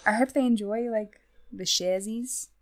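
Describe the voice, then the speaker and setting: A woman's voice: a little high, normal speed. A woman with a light Australian accent, a chatty, giggly podcast guest. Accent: Australian, softened. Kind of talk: casual chat.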